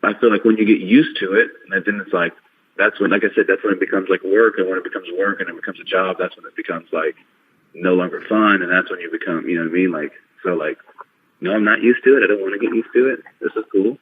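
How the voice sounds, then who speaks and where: Excitable young-sounding man on a tinny line. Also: deep voice, fast, slight background noise. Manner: rambling, filler-heavy, excitable storytelling. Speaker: podcast guest, wrestler. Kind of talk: casual interview chat.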